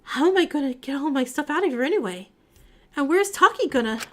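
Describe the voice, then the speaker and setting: A woman's voice: high-pitched, lively intonation, fairly quick. A woman voicing a brash, angry young woman who protests indignantly and swears in a game read-along. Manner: indignant, cursing.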